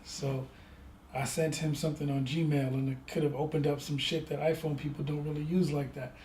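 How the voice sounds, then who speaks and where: A man's voice: fairly high pitch, fairly quick. A man co-hosting a casual podcast chat, telling stories animatedly and acting out the people in them. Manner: animated storyteller, acts out voices in his anecdotes. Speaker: podcast co-host. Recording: echoey room with faint ambient noise.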